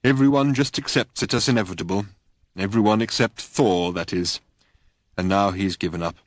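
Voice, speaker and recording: A man's voice: lowish voice, moderate pace, dry recording, close to an everyday voice. A man voicing a gloomy, taciturn old male god who talks in terse, clipped phrases. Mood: grim.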